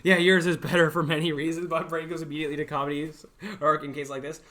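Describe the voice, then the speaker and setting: Young dude streaming, kinda high voice, rambly and jokey about himself. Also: male voice, level tone, quick pace, pushed and bright. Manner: rambling and self-deprecating, laughs often, lots of fillers. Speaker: livestreamer. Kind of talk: casual livestream chat.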